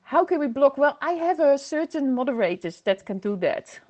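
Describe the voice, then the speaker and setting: A woman chats through a casual livestream from home, greeting viewers by name and laughing as she goes. Her voice sits high, and she speaks into a computer microphone. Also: very animated, normal speed, a little mellow, highs cut off. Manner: chatty, reads viewer comments aloud, laughs often. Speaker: livestream host.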